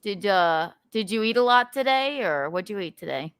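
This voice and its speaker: A woman's voice: mid-range voice, expressive, normal speed, a bit bright, smooth, no echo. Playful pun-making woman podcast host. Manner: playful, punning, gushing about guests. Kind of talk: casual podcast banter.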